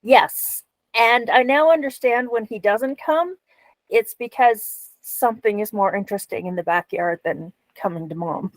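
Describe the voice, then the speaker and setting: A woman's voice: fairly high pitch, a little slow, dry recording, poor audio. A woman in casual chat, talking matter-of-factly.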